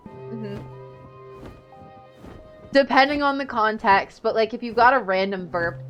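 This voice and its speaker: A young woman streaming a video game, chatting casually and excitedly into a desk mic. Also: medium pitch. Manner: excitable, chatty, gasps and laughs often. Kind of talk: casual live-stream chat while gaming. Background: game music.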